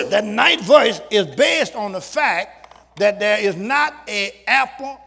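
A man preaching a sermon to his congregation, using call-and-response and shouting at the peaks. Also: high voice, lively intonation, slow, vocal fry, breathy edge. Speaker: pastor. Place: church sanctuary with congregation.

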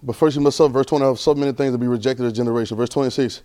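This preacher's sermon comes rapid-fire with hardly any pauses. He stays casual and conversational, questions the congregation, and frequently climbs into an excited pitch.

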